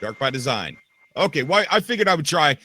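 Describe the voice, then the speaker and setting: A man hosting a casual live podcast, excitable and quick to raise his voice. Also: a little high. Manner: excitable, animated, quick to shout. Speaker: podcast host. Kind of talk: casual livestream chat.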